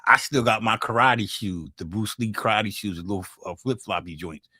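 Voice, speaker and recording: A man's voice: fairly low pitch, normal speed, bright, forceful tone, slightly rough, no room sound, clean studio sound. A man in his sixties with a Philadelphia accent, chatting loosely and profanely with his livestream viewers, full of restarts and jokes. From North Philadelphia, USA. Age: 60s. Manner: loose, profane, joking street talk with frequent restarts. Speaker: livestream beatmaker host. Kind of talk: casual livestream chat with viewers.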